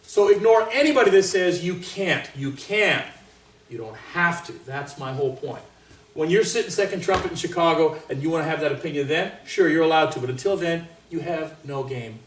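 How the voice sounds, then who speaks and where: A man from Canada leading a trumpet master class in a casual, joking way, with boastful asides and sudden loud exclamations. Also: fairly high pitch, animated, fairly quick, a little hiss or hum. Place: large room with an audience. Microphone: distant microphone. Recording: roomy, distant sound.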